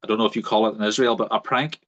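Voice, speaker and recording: A man's voice: lowish voice, racing. A man, hosting a podcast and telling a story in casual chat, acting out the people he quotes. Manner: animated storyteller, acts out quoted voices. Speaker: podcast host. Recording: dull lo-fi audio.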